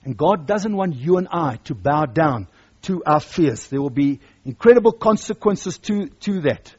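Man preaching, high voice, husky, emphatic, repeats himself, dull lo-fi sound. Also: expressive, measured pace, a little mellow. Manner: emphatic, repeats key phrases. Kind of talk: sermon.

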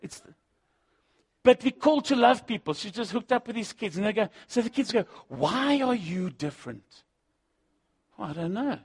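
A man preaching a sermon, swinging between loud punchy lines and low asides, acting out the voices he quotes. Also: lively intonation, brisk, slightly rough. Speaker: pastor.

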